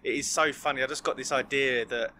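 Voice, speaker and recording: A man's voice: medium pitch, steady tone, a little fast, bright, forceful tone, a little hiss or hum. A man co-hosting a casual football podcast, rambling and hesitant with frequent ums. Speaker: podcast co-host.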